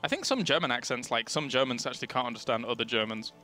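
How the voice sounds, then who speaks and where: A man's voice: medium pitch, fast, bright, forceful tone, soft background music. A young man from England with a southern English accent, commentating a live esports match with chatty, joking banter. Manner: chatty, jokey, laughs often.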